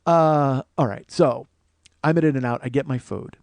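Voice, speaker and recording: A man hosting a podcast, telling a comic story full of swearing, growing louder and more animated as it goes. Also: mid-range voice, measured pace, gravelly, no room sound. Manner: profane, animated, rising to shouting as the story builds. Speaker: podcast host.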